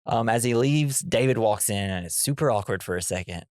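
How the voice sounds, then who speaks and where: A man's voice: fairly low pitch, lively intonation, fairly quick, darkish tone, no room sound, studio quality. A man co-hosting a movie podcast, recapping scenes in casual chat with sarcastic asides and silly character voices. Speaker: podcast co-host.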